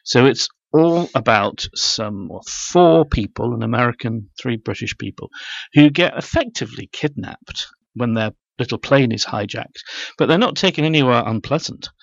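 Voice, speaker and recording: Gravelly man recapping a book. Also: medium pitch, expressive, no room sound. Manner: explains with quick asides. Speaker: podcast co-host. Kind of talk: casual book chat. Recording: dry, muffled recording.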